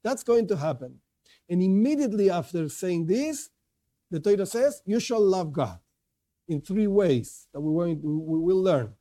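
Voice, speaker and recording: High, bright-voiced man teaching a religious class. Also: expressive, a little slow. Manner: conversational, restarts often, asks and answers his own questions. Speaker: Jewish teacher. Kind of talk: informal Torah class.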